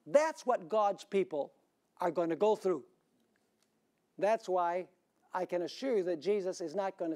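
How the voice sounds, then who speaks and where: A male pastor delivering a sermon, asking rhetorical questions and swinging suddenly between loud, high emphasis and quiet lows.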